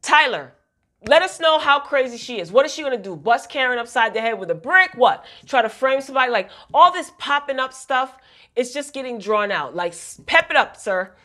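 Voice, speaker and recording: A woman's voice: high voice, lively intonation, brisk, sharp tone. Opinionated woman recapping a TV episode. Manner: opinionated, exasperated, chatty. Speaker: TV episode reviewer. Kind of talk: casual recap commentary.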